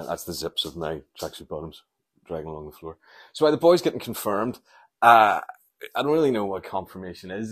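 Host in his forties, slightly low voice, loose sweary comic rambler. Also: slightly rough. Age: 40s. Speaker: podcast host. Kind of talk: rambling solo podcast monologue. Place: home at night.

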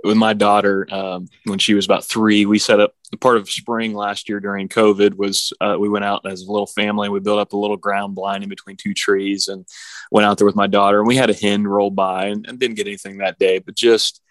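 A man's voice: lowish voice, little pitch movement, fairly quick, no echo. A man hosting a casual chat, easygoing, answering with short replies and his own anecdotes.

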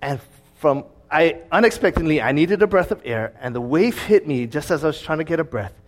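A man preaching as a pastor, telling a personal story in a conversational, lively way. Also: fairly high pitch, a little fast. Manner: conversational storytelling, with fillers and restarts; lively, acting out his own past words.

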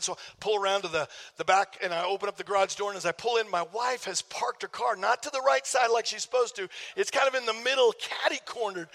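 A man, a pastor preaching a sermon, telling a story with jokes for the congregation in an animated way. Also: extremely high pitch, fast talker, gravelly. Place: church sanctuary. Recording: long hall reverb.

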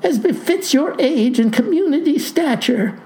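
A woman's voice: fairly high pitch, very animated, slow, mellow, heavily acted. A woman voicing a flustered, bewildered young female postal clerk who exclaims in a rattled way.

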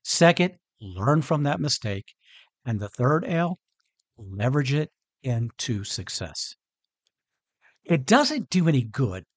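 Husky, lively-voiced male podcast host. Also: medium pitch, slow, long pauses, no room sound. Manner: earnest, conversational, chuckles often. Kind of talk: motivational solo podcast talk.

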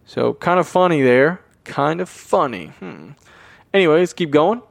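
A podcast host speaks off the cuff on his own show in a fairly high, creaky voice with lively intonation and a moderate pace. His unscripted solo talk is rambling, self-deprecating, and emphatic, recorded with no room sound.

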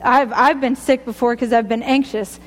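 A woman's voice: fairly high pitch, steady tone, normal speed, big-room sound. A woman sharing a personal faith testimony, rambling and chatty, often laughing at herself. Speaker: speaker giving a testimony.

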